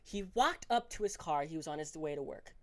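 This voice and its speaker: A young man hosting a solo podcast, ranting fast and profanely, tripping over his words with stammers and restarts. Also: fairly high pitch, lively intonation. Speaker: podcast host.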